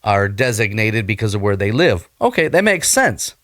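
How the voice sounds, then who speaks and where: A man's voice: lowish voice, sing-song, normal speed, a bit bright. A man hosting a casual reaction video, upbeat and talking straight to his viewers. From United States.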